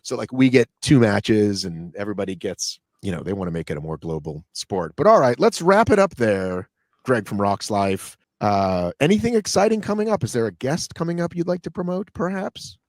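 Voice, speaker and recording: A man's voice: medium pitch, brisk, hardly any pauses, no room sound, studio quality. A middle-aged American man hosting a casual podcast interview, chatty and teasing. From United States. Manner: chatty, teasing, lively questions. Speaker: podcast host.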